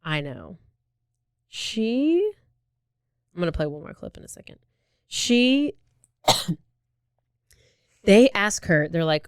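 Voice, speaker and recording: A woman co-hosting a casual true-crime podcast, telling the story in animated bursts with sudden jumps in pitch. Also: slow pace, pauses often, clear, resonant tone, no room sound, studio quality. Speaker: podcast co-host.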